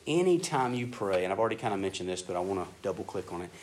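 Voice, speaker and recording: A man preaching a sermon in a casual, animated way, acting out prayers in an excited voice. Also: deep voice, rapid-fire. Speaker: pastor. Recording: echoey room with faint ambient noise.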